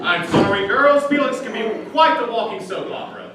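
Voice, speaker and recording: An actor playing a gruff, wisecracking bachelor with a brash, sarcastic delivery. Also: male voice, very high voice, a little slow, noisy background. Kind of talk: stage play acting. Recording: echoey theater, far mic, audience laughter. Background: audience laughter.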